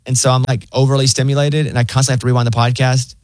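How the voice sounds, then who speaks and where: A man's voice: rapid-fire, dry recording. A young adult man co-hosting a casual talk show, telling stories and mimicking voices. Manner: animated storyteller, mimics voices in high pitch. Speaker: co-host. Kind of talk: casual chat.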